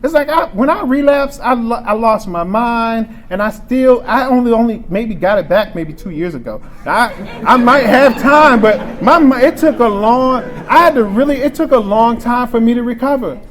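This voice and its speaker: High-voiced man in his forties sharing frankly. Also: normal speed, a bit bright. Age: 40s. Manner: frank and emotional, with frequent restarts and laughter. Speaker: speaker sharing recovery story at a convention. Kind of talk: candid personal testimony. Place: convention meeting room.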